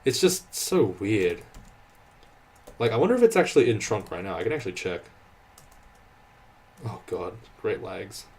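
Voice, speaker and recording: A man's voice: fairly low pitch, expressive, normal speed, pauses often, darkish tone. A man giving casual, exasperated gameplay commentary, swearing often and restarting his sentences. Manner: exasperated, sweary ranting with frequent laughs and restarts. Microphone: desk microphone.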